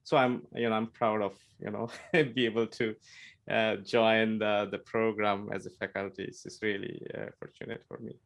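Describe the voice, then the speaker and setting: A man with a fairly low voice moderates a webinar over a video call. He talks in a friendly but hesitant way, leaning on "you know" and "uh" between phrases. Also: level tone, moderate pace, creaky. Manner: friendly, hesitant, with many fillers. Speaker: webinar moderator and faculty member. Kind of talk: casual webinar talk.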